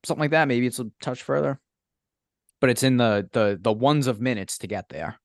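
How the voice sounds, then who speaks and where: A man's voice: mid-range voice, brisk, no room sound, studio quality. A young man, co-hosting a casual podcast, telling stories profanely and acting out exasperated quotes. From Massachusetts. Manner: animated, profane storytelling with mock-incredulous quotes. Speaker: podcast co-host. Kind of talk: casual chat.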